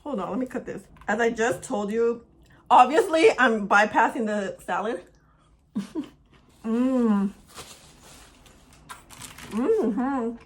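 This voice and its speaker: A woman's voice: fairly high pitch, takes it slowly, long pauses, breathy edge. A young woman chatting casually to camera as a beauty vlogger, upbeat and talking while she eats, at home by a window.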